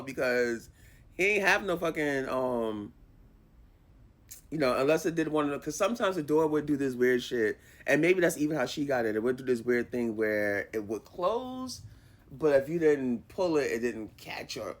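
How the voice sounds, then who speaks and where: Animated, profane woman telling a story. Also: sits low. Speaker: vlogger. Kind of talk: storytime vlog.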